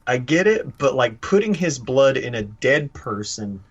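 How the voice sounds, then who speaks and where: A man's voice: medium pitch, a little slow, lo-fi sound. A man co-hosting a comic book podcast, talking animatedly and acting out lines for emphasis. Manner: animated, acts out lines with emphasis, laughs often. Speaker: podcast co-host. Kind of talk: casual chat.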